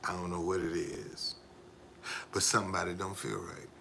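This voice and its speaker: A man's voice: sits low, expressive, moderate pace, gravelly, bright, forceful tone, a little hiss or hum. A man live streaming in a casual, rambling way, repeating himself and talking straight to his viewers. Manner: repetitive, emphatic, addresses viewers directly.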